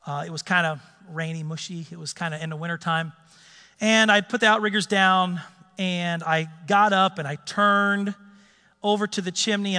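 A man preaching a sermon, telling a personal story in an animated, emphatic way. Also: high voice, long reverb tail.

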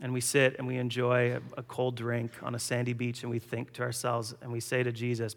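A man's voice: medium pitch, completely flat delivery, normal speed, gravelly, big-room sound. A man preaching a sermon, telling a story and acting out the voices in it. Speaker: pastor.

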